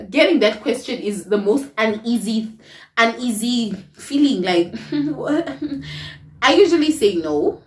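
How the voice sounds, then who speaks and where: Expressive woman telling a story. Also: medium pitch, far from the mic. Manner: expressive, laughs often, chatty asides to viewers. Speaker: storytime vlogger. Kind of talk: casual storytelling. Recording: roomy echo, away from the mic.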